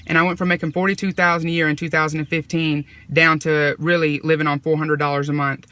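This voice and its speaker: Woman, bright and crisp, close dry sound, chatty faith testimony storyteller. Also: deep voice, little pitch movement, fast talker, no room sound. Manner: conversational, retelling dialogue with repeated "I said". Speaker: vlogger sharing a personal testimony.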